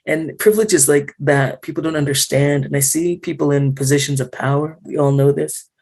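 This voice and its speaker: A woman speaking in a casual panel discussion, frank and animated, with lots of fillers, over a video call. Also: sits low, fairly quick, slightly rough. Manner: animated, frank, full of fillers and acted-out quotes.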